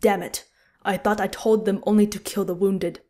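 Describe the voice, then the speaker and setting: A woman voicing a male enemy army captain who speaks crisply and concisely, courteous but menacing. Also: medium pitch, flat delivery, moderate pace, a little mellow, natural voice. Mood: cool. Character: cold, polite enemy army captain, man.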